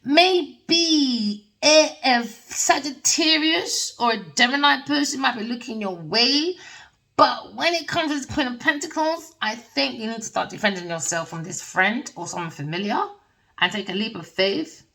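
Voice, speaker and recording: A woman's voice: a little high, expressive, unhurried, creaky, pushed and bright, recorded from a distance, low-quality recording. A woman giving a casual tarot reading, rambling and emphatic with plenty of slang. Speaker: tarot reader.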